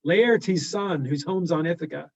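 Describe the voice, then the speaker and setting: A man voicing a boastful male sea captain who shouts taunts. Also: fairly high pitch, measured pace, vocal fry, voice pushed up. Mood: taunting. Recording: dull lo-fi recording.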